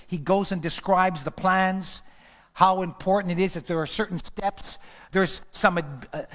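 A man's voice: high voice, big-room sound. A man pastor preaching a sermon with emphatic repetition, sometimes dropping to a whisper. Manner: emphatic preaching, repeats phrases, drops to whispers.

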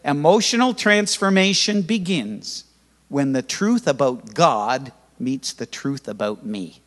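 An older man preaching a sermon as pastor, lively and humorous, with sudden loud rises. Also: mid-range voice, slow. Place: church hall. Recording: church hall reverb.

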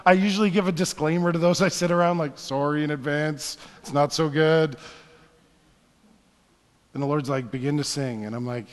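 A married man preaching a sermon, telling a story with hushed asides and building to fervent exhortation. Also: on the high side, normal speed, long reverb tail. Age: adult, married. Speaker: pastor.

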